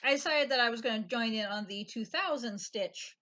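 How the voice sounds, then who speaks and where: A woman's voice: on the high side, brisk, pushed and bright. A woman with children, co-hosting a casual stitching chat, talking dryly and matter-of-factly with fillers. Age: adult parent. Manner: dry, matter-of-fact, with restarts and fillers. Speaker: co-host of a stitching show.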